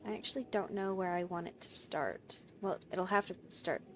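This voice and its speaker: A woman's voice: lowish voice, normal speed, slight background noise. A woman making a game video, talking through her play in a casual, sarcastic way with frequent exasperated outbursts. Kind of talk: casual gameplay commentary.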